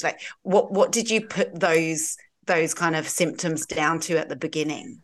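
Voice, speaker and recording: A woman hosting an interview, listening closely and asking halting questions, restarting her sentences as she goes. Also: low-pitched, fairly even intonation, a bit bright. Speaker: host. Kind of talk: casual interview.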